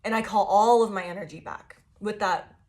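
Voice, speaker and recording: A woman's voice: mid-range voice, normal speed. A woman giving a casual tarot reading, swearing freely and laughing often as she tells her story. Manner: profane, laughing, animated storytelling. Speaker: tarot reader.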